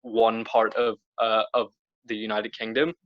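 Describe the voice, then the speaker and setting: A man's voice: lowish voice, little pitch movement, unhurried, no echo. A man with a Northern Irish accent co-hosting a podcast in casual chat, rambling with many restarts and fillers. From Northern Ireland. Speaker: podcast co-host. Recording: dry, dull lo-fi sound.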